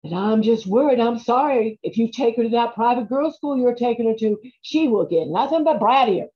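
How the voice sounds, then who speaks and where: A woman playing a judgmental churchgoing aunt who scolds in a soft, clipped voice in a stage monologue. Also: on the high side, expressive, fairly quick, breathy edge, lo-fi sound. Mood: disapproving.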